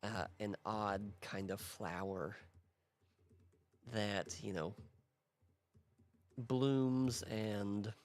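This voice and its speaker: A man's voice: fairly low pitch, fairly even intonation, extremely slow, long pauses, a little mellow. A man hosting a casual worldbuilding talk, thinking aloud in a rambling way with restarts and small laughs. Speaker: host.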